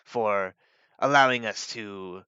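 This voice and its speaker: A man voicing a menacing dragon in a deep, grumbling voice for a tabletop game. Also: takes it slowly, pushed and bright, clean tone, no echo. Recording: dull lo-fi mic.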